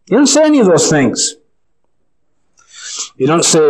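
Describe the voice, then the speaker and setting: An earnest male preacher delivers his sermon with weight, leaning on key phrases and drawing them out slowly. His voice sits a little high for a man. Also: animated, poor audio.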